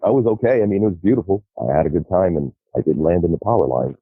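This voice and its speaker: Husky, lively man on a tinny line. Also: deep voice, fast talker, no echo. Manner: lively, profane, laughs through his stories. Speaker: podcast guest. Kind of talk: animated storytelling.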